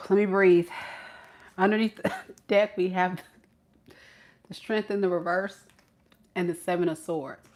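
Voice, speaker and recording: A woman's voice: lowish voice, steady tone, a little slow, long pauses, a little mellow. A woman giving a casual tarot reading, chatty and playful, with slangy phrasing. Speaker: tarot reader.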